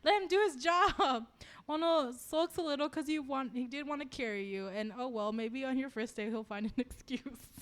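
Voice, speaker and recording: A woman co-hosting a podcast, reading fan fiction aloud and chatting in an animated, giggly way. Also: high-pitched, moderate pace. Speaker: podcast co-host.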